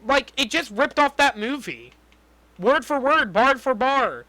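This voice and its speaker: This young man's voice is very high-pitched, expressive, pushed and bright, moving at a measured pace as he co-hosts a podcast. He casually complains about a movie, cursing heavily, with no echo.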